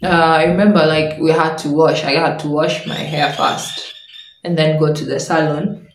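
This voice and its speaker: Woman, young adult, vlogger, animated storytelling, frequent laughs, echoey room. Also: low voice, moderate pace, distant mic. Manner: animated, laughs often while telling the story. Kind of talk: personal storytelling.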